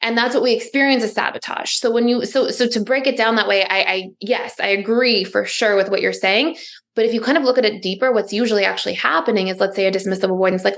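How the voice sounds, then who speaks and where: A woman's voice: mid-range voice, quick pace, gravelly, fairly bright tone. A woman therapist, a podcast guest, explaining ideas fluently with everyday examples and a lot of "like". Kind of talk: explanatory interview talk.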